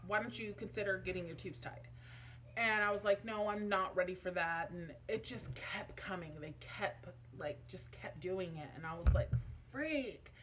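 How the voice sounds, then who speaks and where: A woman's voice: medium pitch, normal speed, a bit bright, slight background noise. Chatty woman vlogger, lots of "like". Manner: chatty, emotional, many fillers like "like" and "um". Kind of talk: casual personal storytelling.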